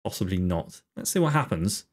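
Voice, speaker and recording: A man's voice: low voice, big pitch swings, a little fast. A man giving casual, exasperated running commentary on his own video game play, with sarcastic asides about his team. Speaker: gaming video host.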